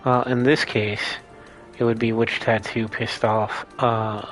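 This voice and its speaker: Man, low-pitched, casual gameplay commentary, rambling, explanatory, faint music behind. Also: flat delivery, slow pace, fairly bright tone. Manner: rambling, explanatory, thinks aloud. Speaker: let's play host.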